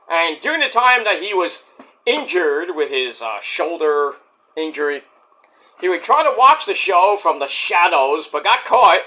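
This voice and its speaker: Animated man rambling through a wrestling recap. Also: a little high. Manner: rambling, crude jokes, quick impressions. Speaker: wrestling show reviewer. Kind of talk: casual vlog recap.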